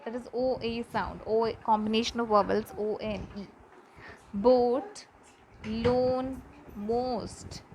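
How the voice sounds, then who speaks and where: A woman's voice: mid-range voice, fairly even intonation, a little fast, vocal fry, few pauses, slight background noise, low-quality recording. A woman teacher, giving a pronunciation lesson and carefully repeating example words.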